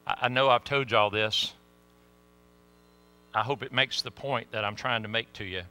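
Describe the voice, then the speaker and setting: A middle-aged man telling a story in a sermon, folksy and animated. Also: medium pitch, moderate pace, pauses often, clean tone. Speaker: pastor.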